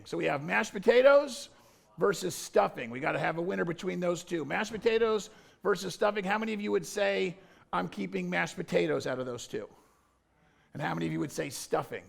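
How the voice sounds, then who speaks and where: A man with a high-pitched voice and a gravelly edge calls out to a church crowd. He is jokey and energetic, stirring the congregation into a playful vote. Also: normal speed. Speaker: pastor. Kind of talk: playful audience poll from the stage. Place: church service.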